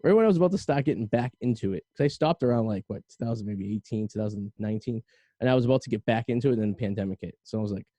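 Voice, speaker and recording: Boston guy hosting a podcast, talks fast and rambles a lot, deep mellow tone. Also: no room sound. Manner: rambling, storytelling, frequent fillers. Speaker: podcast host. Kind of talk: casual chat.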